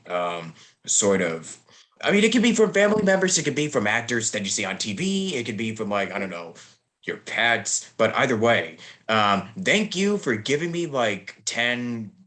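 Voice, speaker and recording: A man's voice: medium pitch, sing-song, normal speed, fairly bright tone. A young man hosting a podcast, chatting casually and rambling through his points. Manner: rambling, many fillers and restarts. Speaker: podcast host. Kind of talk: casual interview chat.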